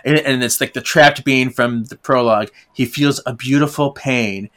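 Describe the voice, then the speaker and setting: A man's voice: mid-range voice, normal speed, a bit bright. A man co-hosting a casual book discussion podcast, recapping chapters animatedly and slipping into character voices. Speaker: podcast co-host.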